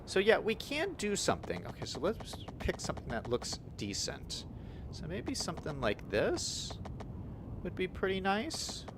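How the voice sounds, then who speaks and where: A man's voice: high-pitched, huge pitch swings, measured pace, noisy background. A young man giving casual gameplay commentary, upbeat and chatty, thinking aloud as he plays. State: hiccups. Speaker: gaming YouTuber.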